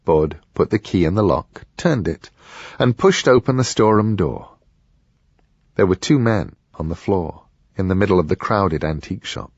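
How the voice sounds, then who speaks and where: A man narrating an audiobook in a measured storytelling manner. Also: low-pitched, expressive, darkish tone, slightly rough, no room sound, dull audio.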